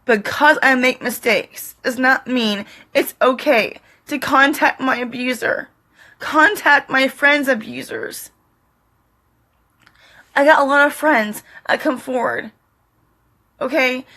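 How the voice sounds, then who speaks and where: A middle-aged woman speaks slowly in halting fragments, her voice bright and a touch high. She sounds tearful yet defiant as she pleads with her audience in a direct-to-camera vlog. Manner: slow, halting delivery with short fragments. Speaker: vlogger. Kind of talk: emotional direct-to-camera monologue.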